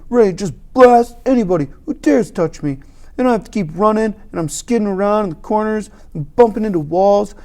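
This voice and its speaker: Animated, lively audiobook reader. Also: mid-range voice, creaky. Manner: animated, emphatic storytelling. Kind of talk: first-person novel narration.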